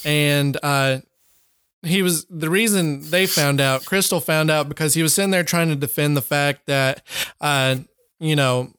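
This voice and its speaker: A man with a Kentucky accent trades movie recaps with his co-host, relaxed and liberal with swear words. His voice is smooth and clear, a touch higher than average, caught dry on a close mic. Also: measured pace, no echo. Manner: loose, swears freely, laughs along. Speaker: podcast co-host. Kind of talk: casual movie review chat.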